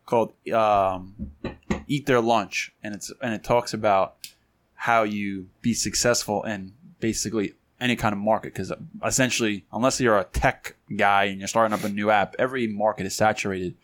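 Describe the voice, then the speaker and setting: A man hosting a cigar podcast, chatting casually with his guest and explaining things in a relaxed way. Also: lowish voice, moderate pace.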